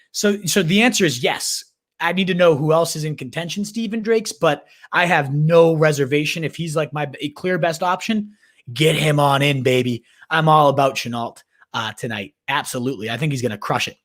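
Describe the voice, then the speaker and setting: A man's voice: on the high side, normal speed, fairly bright tone. Hyped man hosting a fantasy sports livestream. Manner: hyped, slangy, calls viewers "baby" and "my dude"; restarts and repeats words while thinking aloud. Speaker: fantasy football livestream host. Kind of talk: casual live Q&A chat.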